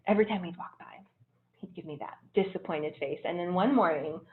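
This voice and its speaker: A woman casually telling stories about a trip, animated and laughing often. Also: fairly low pitch, fairly quick. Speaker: traveler sharing trip photos. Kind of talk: casual storytelling. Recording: tinny phone-like line.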